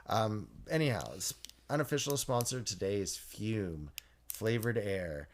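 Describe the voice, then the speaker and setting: A man co-hosting a podcast in casual chat, rambling and correcting himself as he goes, quick to laugh. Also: lowish voice, expressive, slight background noise. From Canada. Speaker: podcast co-host.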